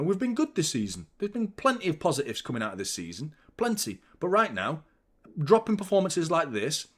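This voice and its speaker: Swearing, ranting football fan. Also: male voice, a little high. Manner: swears constantly, ranting and exasperated. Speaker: fan channel host. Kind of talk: live football watchalong commentary.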